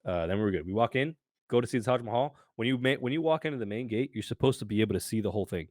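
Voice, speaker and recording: A young American man, co-host of a podcast, telling a story in a casual, animated way, acting out voices and swearing freely. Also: mid-range voice, rapid-fire, no room sound, studio quality. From United States.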